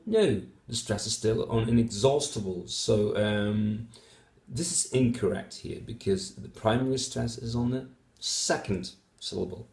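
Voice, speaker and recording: Man, Dutch native, phonetics teacher, methodical, filler words, mid pitch, echoey room. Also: gravelly, a little mellow. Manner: methodical, many fillers, repeats example words. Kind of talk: explaining answers to a test.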